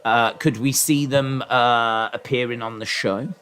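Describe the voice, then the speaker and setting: A man's voice: mid-range voice, steady tone, measured pace, fairly bright tone, clean tone. Chatty man hosting a live stream. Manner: rambling, chatty asides to chat readers. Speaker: livestream host. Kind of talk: live wrestling watch-along commentary.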